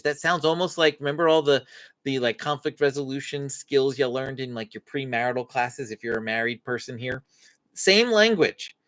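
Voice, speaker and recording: Lively woman coaching parents. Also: sits low. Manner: expressive teacher, acts out parent-child dialogue. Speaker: parenting coach and live-stream host. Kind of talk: faith-based parenting Q&A talk. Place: home live stream.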